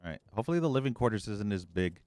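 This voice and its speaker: A man's voice: fairly low pitch, big pitch swings, very fast, a little mellow, dry recording. Crude sarcastic gamer guy. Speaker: gameplay commentator. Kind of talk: casual let's play commentary.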